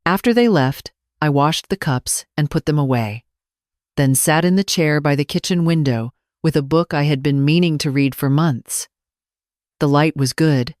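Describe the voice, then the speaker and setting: An older woman narrating a first-person story in a measured, calm, reflective way. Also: low-pitched, no echo, clean studio sound.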